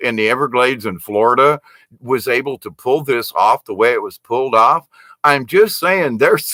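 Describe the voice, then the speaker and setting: A man's voice: medium pitch, pushed and bright, no echo. A man in a casual opinion monologue, talking in a rambling, wry way with frequent restarts. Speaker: vlogger.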